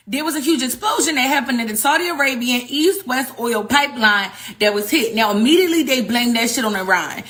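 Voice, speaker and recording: A woman commentator retells the news in animated, slangy and profane style. Her voice is bright and edgy. It sits a bit above the usual range for a woman. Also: a little high, quick pace, few pauses. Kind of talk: casual current-events commentary.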